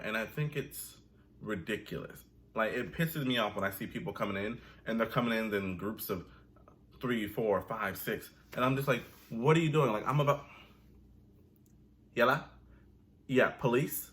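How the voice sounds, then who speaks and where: Young guy, sassy comedic rant, mid voice. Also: medium pitch. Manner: animated, profane, sassy. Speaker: vlogger.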